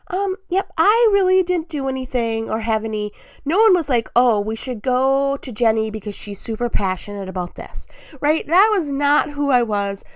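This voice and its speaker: A woman's voice: on the high side, no echo. A woman in her thirties hosting her own podcast, talking candidly and casually, often breaking into laughs. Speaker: podcast host. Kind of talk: casual solo podcast talk.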